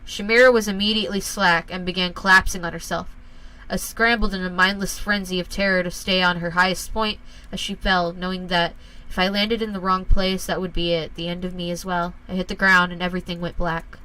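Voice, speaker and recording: A woman reading a first-person horror story aloud in a calm, measured way. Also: fairly low pitch, rough recording.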